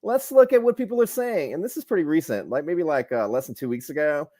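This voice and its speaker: Easygoing guy from louisiana presenting slides online, kinda high-ish voice, dry mic. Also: fast, dry recording. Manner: relaxed, friendly, many filler ums and uhs. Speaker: guest presenter, educator.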